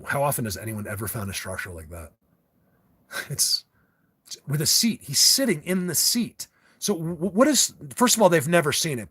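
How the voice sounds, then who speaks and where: A man's voice: fairly high pitch, a bit bright, husky. A man hosting a casual livestream, rambling and ranting to his viewers with frequent restarts. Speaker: livestream host.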